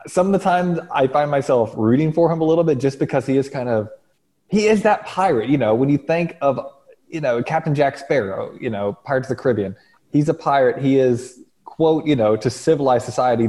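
A man's voice: medium pitch, expressive, moderate pace, dark tone. A man co-hosting a podcast, talking casually in a rambling, hesitant way. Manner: rambling, hesitant, lots of fillers. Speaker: podcast co-host. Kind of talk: casual chat.

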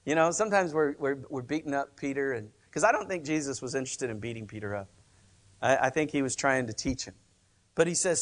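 A man's voice: medium pitch, lively intonation, fast. Emphatic male pastor preaching a sermon. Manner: conversational, emphatic preaching with repeated phrases. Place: church.

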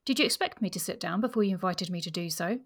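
A woman reading aloud as a blunt, plain-spoken Regency gentleman in a book discussion. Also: high voice, lively intonation, quick pace.

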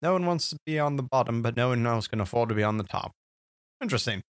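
A man's voice: medium pitch, lively intonation, fast talker, no room sound. A man playing a tabletop role-playing game, talking in a dry, wry, slightly theatrical way. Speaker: player.

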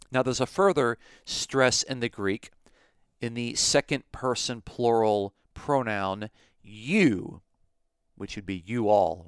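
Low, smooth-voiced male Bible teacher. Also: fairly bright tone, dry recording, studio quality. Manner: methodical, explains step by step. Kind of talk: podcast Bible lesson.

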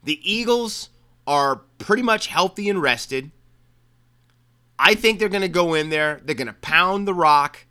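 Guy from maryland doing his football picks, kinda high voice, chatty and jokey. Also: a little slow, sharp tone, smooth. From Maryland, USA. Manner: chatty, joking asides and repeated phrases. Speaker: sports podcast host. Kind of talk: casual football picks monologue.

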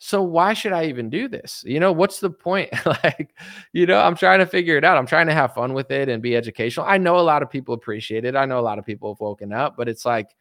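A man's voice: a little high, quick pace, a bit bright, no echo, clean studio sound. Exasperated man in his thirties ranting. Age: 30s. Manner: exasperated ranting, mocking others in put-on voices. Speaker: political commentator. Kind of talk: casual monologue.

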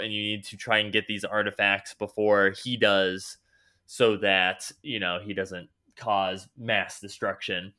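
Young male podcast host, bright and clear, lively storyteller acting out his reactions. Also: mid-range voice. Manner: animated storytelling, acts out his own reactions. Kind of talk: casual gaming chat.

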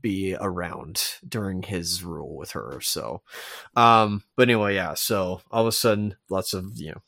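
A man's voice: low voice, moderate pace, vocal fry, fairly bright tone, dry recording, studio quality. A man co-hosting a podcast, rambling and interrupting himself as he argues a point. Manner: rambling, self-interrupting, emphatic. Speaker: podcast co-host. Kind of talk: casual discussion.

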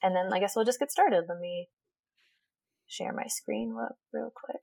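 Young female podcast guest moderator, relaxed and giggly, dry close sound. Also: medium pitch, normal speed, gravelly, no room sound. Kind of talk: casual chat.

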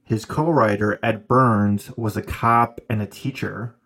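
A man co-hosting a podcast rambles through casual chat, leaning heavily on "like" and "you know." His voice is fairly low, a bit bright and a little slow, with fairly even intonation.

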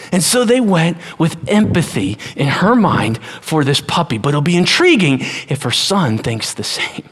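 A man preaching a sermon as pastor, animated, acting out voices and dropping to a hush at times. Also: a little high.

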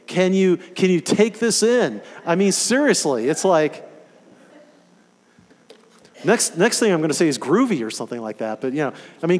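A man preaching a sermon, animated and emphatic, firing off rhetorical questions to his listeners. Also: on the high side, normal speed, big-room sound.

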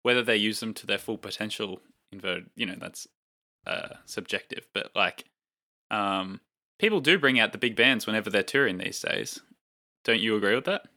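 Male co-host, bright tone, slightly low, loose filler-heavy delivery. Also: lively intonation, moderate pace. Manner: rambling, many fillers. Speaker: podcast co-host. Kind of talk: casual chat.

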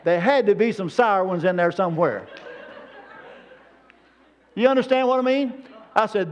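Folksy high-voiced preacher, lo-fi. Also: male voice, expressive, normal speed, long pauses. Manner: folksy, rambling storytelling with plain-spoken grammar. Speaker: pastor. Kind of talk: sermon. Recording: dull lo-fi sermon recording.

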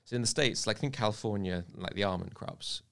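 A man explaining an issue in a relaxed chat, his speech full of "like" and small restarts. His voice is low with a noticeable gravelly fry. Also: fairly quick. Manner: explaining, filler-heavy with frequent "like". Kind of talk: casual chat.

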